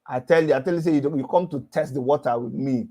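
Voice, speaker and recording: A man in his fifties with a Nigerian accent, giving a mocking monologue in lively Pidgin-laced talk and laughing between lines. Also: medium pitch, quick pace. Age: 50s.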